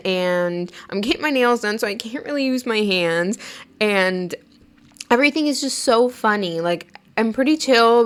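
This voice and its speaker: A woman's voice: medium pitch, a bit bright, smooth. A woman hosting her own podcast, telling a personal story in a chatty way, full of "like" fillers and laughing while she talks. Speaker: podcast host. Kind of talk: casual storytelling monologue.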